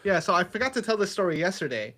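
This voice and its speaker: A man's voice: high-pitched, very animated, fast, bright, forceful tone. A man hosting a casual chat over a video call, joking and laughing often as he talks. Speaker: podcast host.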